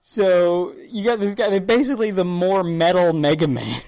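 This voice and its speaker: A podcast co-host with a notably low voice dominates a casual chat, telling a story in an excitable, profane way at a moderate pace. She keeps slipping into little acted-out voices. The recording is dry and close-miked.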